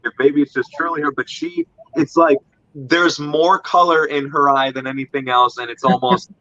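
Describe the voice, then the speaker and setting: A man chatting casually in a film discussion live stream, excitable and emphatic, often repeating himself. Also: a little high, moderate pace, no room sound, lo-fi sound.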